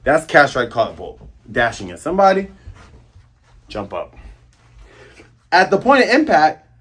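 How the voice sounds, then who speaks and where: A man hosting a casual manga chapter review, excitable and acting out the scenes as he describes them. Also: medium pitch, husky. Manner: animated, excitable, acts out scenes.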